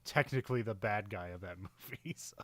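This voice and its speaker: A man's voice: on the low side, brisk, dry recording. A man co-hosting a casual film podcast, rambling through his thoughts and laughing often. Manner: rambling, laughs often, animated when excited. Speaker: podcast co-host.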